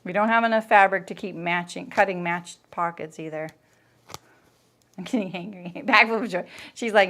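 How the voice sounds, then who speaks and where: A woman's voice: on the low side, normal speed, fairly bright tone. A woman hosting a sewing livestream, chatting casually and thinking aloud as she works, with frequent laughs. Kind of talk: casual chat while sewing.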